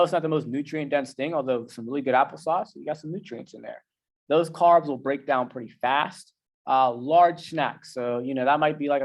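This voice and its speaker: A man who is a coach giving a casual, conversational talk in slangy everyday language. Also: medium pitch. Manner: conversational and slangy, with many fillers. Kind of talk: casual presentation.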